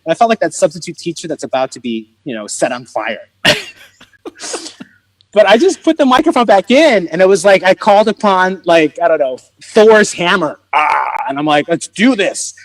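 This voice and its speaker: A man, a comedian and motivational speaker, telling stories in an animated way during a conversation, laughing often and acting out the people in them. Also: high voice, normal speed, dry recording, poor audio. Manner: expressive, laughing often, acts out voices in his stories.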